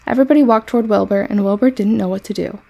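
A woman reading a children's novel aloud in an expressive storybook manner. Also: medium pitch, very fast, gravelly, dull audio.

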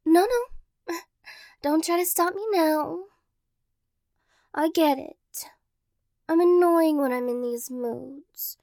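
A woman's voice: extremely high pitch, slow pace, long pauses, a little mellow, no echo, heavily acted. A young woman voicing a playful, clingy girlfriend in a role-play audio, teasing and playfully dramatic, close to the mic.

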